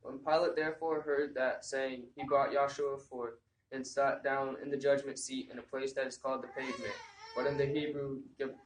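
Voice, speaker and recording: Male scripture reader, mid-pitched and plain; echoey room, faint noise. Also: little pitch movement, moderate pace. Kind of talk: reading scripture aloud.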